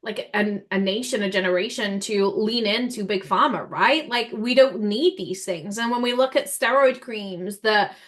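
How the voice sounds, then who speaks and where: A woman in her thirties hosting a casual podcast chat, telling personal stories in an earnest, animated way. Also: medium pitch, normal speed, few pauses. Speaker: host.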